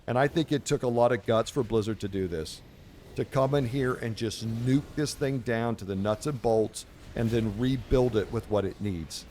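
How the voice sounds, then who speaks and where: A man's voice: mid-range voice, moderate pace, mellow, a little hiss or hum. A man hosting a casual game commentary video, brash and profane, slipping into mock-preachy pronouncements. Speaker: host.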